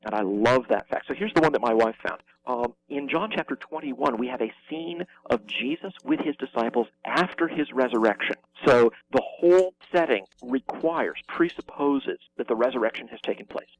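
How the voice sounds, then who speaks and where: A man as an interview guest, explaining with emphatic energy and quick restarts. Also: mid-range voice, expressive, slight background noise, rough recording. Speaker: guest explaining biblical evidence.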